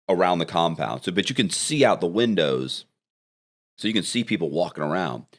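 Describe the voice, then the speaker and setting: Low-voiced man telling prison stories. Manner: animated storyteller, swears freely, acts out other voices. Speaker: interviewer, former prisoner. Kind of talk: casual storytelling interview.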